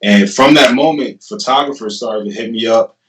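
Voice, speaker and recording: Roomy, animated young man telling a story. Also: medium pitch, moderate pace. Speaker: guest. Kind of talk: casual storytelling. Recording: roomy, distant mic.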